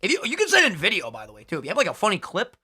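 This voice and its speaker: A young man co-hosting a podcast in casual chat, excitable and swearing often, breaking into high laughs. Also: rapid-fire, breathy edge. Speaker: podcast co-host.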